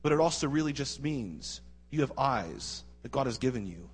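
Male pastor mid-sermon, breathy and animated, echoing through a large church hall. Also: mid-range voice, normal speed. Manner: animated preaching with rhetorical questions to the congregation. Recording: husky voice with long hall reverb.

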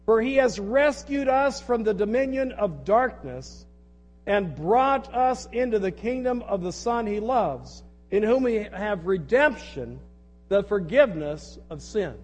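A man's voice: sits high, very animated, unhurried, darkish tone, faint music behind, low-quality recording. A man preaching an earnest sermon, reading scripture aloud and repeating key phrases. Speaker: pastor.

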